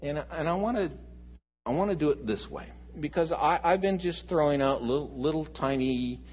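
Preaching a sermon as pastor, a man with a slightly high, somewhat rough voice repeats important phrases slowly. He moves between loud, emphatic statements and soft, near-whispered ones.

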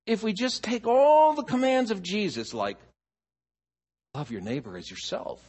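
A man preaching a sermon as pastor, animated, swinging from loud emphasis to near hush. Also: sits high, a little slow.

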